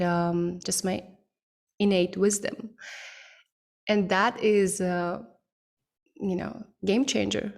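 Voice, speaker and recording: Woman guest talking real slow, kinda gravelly, lots of ums and pauses, chill podcast chat. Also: medium pitch, a little mellow. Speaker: podcast guest, mindset coach. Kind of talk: relaxed podcast conversation.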